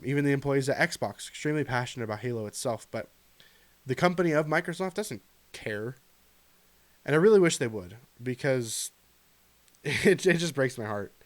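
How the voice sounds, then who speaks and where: Guy venting on his gaming channel, earnest, mid-pitched, kinda pleading. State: choked up near the end. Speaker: gaming YouTuber. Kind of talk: ranting commentary to camera.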